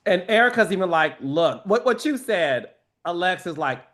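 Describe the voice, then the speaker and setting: A man's voice: sits high, normal speed. A man hosting a casual recap chat, telling stories animatedly and acting out other people's lines in raised voices. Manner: animated storyteller, acts out quotes in raised voices. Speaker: podcast host.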